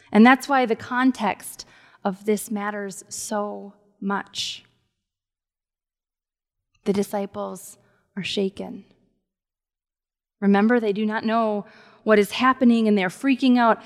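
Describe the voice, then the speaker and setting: Slow-speaking woman preaching in a reverberant hall. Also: mid-range voice. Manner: warm conversational preaching with soft, hushed emphases. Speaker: pastor. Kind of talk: sermon.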